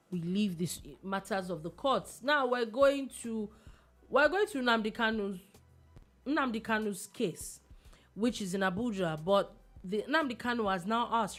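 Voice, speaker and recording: A Nigerian woman co-hosting a radio news chat. She talks bluntly and with plenty of life, at a middling pitch, and drops local expressions as she goes. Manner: blunt, lively, uses local phrases. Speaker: radio show co-host. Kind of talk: casual news discussion.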